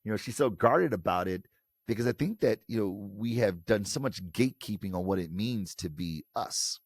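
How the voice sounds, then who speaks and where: An American man from Detroit, a professor and author, talking in an interview in a lively way and acting out quoted voices. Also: lowish voice, normal speed, no room sound, clean studio sound. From Detroit, United States. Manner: animated, acts out quoted voices. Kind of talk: conversational interview.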